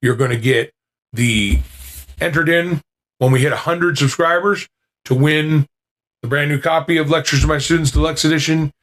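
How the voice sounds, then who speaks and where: A man hosting a podcast chats casually and ramblingly to listeners, full of fillers and restarts. His voice is on the high side and fairly bright, at a moderate pace, recorded into a podcasting mic with noise reduction.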